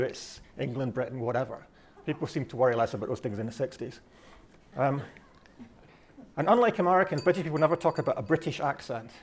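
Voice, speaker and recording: Fast-talking Scottish man giving a talk. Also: fairly high pitch. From Scotland. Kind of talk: delivered talk.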